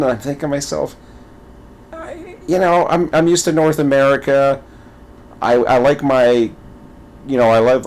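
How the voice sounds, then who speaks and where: A man giving casual gaming commentary who rambles, repeats words and stumbles through his thoughts. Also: mid-range voice. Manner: animated, playful storytelling. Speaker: gaming video creator.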